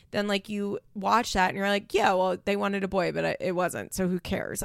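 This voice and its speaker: A woman's voice: medium pitch, gravelly, no room sound, studio quality. A woman giving her casual opinions on a reality show, talking frankly with lots of fillers and restarts. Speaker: reality TV commentator.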